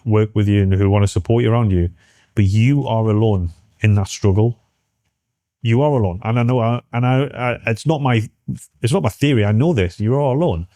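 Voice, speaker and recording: Middle-aged British man, interview guest. Dark, low voice, dry close sound, earnest and halting delivery. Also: no echo. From United Kingdom. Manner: halting, many restarts, earnest. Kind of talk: candid personal interview.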